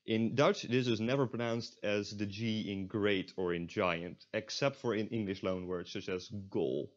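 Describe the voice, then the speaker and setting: A man's voice: lowish voice, unhurried, lo-fi sound. A young man teaching a recorded language lesson, explaining step by step with frequent fillers.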